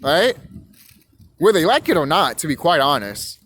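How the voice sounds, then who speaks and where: A man's voice: on the high side, big pitch swings, normal speed, a bit bright, slight background noise, low-quality recording. A young man delivering a rambling, profane rant monologue, stumbling over and repeating words as he goes. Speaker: vlogger.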